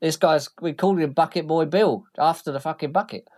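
A man's voice: on the high side, fairly quick, a little mellow, voice pushed up, close to an everyday voice. A man voicing a reckless, unhinged male gang boss who swears and rambles with mock politeness. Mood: boastful.

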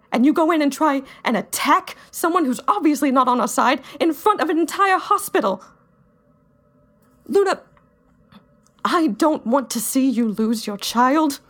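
A woman with a fairly high voice, voicing her character in a tabletop game. She moves between describing her character's actions and speaking as the character. Her in-character speech is intense and confrontational. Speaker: player. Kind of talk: in-character tabletop role-play.

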